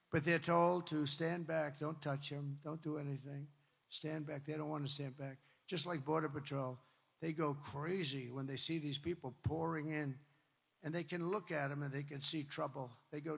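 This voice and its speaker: At a podium mic in a large rally venue full of supporters, a political candidate gives a campaign speech in a high, gravelly, forceful voice. He speaks emphatically, repeating lines for effect, wandering into rambling asides, and occasionally bursting into shouts. The big room adds a long reverb.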